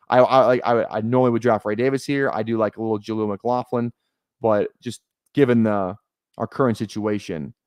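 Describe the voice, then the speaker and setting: A man's voice: lowish voice, darkish tone, clean tone, no room sound, studio quality. A young man streaming live, chatting casually and thinking aloud as he talks. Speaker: fantasy football streamer.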